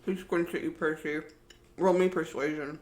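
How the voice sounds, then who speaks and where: Male game master, high bright voice, loose rambling narration, echoey room. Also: fairly even intonation, moderate pace. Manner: rambling, filler-heavy narration.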